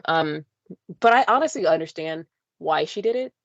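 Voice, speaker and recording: A woman's voice: sits low, expressive, moderate pace, no echo, dull audio. A young woman co-hosting a podcast, chatting casually with lots of fillers and playful voice imitations. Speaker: podcast co-host. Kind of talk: casual chat. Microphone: podcast mic.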